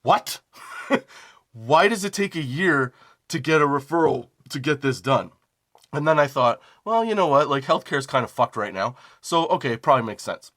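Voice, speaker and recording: A man's voice: mid-range voice, moderate pace. A young man hosting a comedy podcast, telling a rambling, profane personal story and often laughing at himself. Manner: animated quoting of phone calls. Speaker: podcast host.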